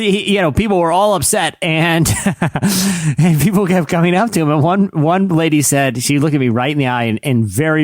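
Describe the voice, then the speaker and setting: A man's voice: on the high side, no echo, clean studio sound. A young man co-hosting a podcast, telling stories in casual, joking chat. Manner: jokey, mock-preacher bits. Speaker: podcast co-host.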